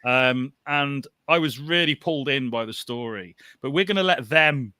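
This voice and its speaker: A man's voice: medium pitch, moderate pace, pushed and bright, dry recording, clean studio sound. A man hosting a live comics podcast over a video call, chatty and laughing often. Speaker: podcast host. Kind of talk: casual live show chat.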